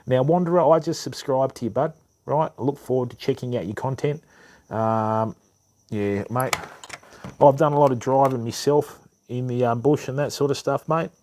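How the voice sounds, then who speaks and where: A man's voice: mid-range voice, moderate pace, darkish tone. An Australian man hosting a fishing channel, chatting casually with viewers, calling everyone mate and bud, with lots of ums. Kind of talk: casual live stream chat with viewers.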